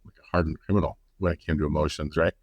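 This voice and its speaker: A male podcast guest with a very deep, low voice who speaks bluntly and frankly and swears casually. The recording is close and dry, with no room sound. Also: fairly even intonation, rapid-fire, dry recording, lo-fi sound.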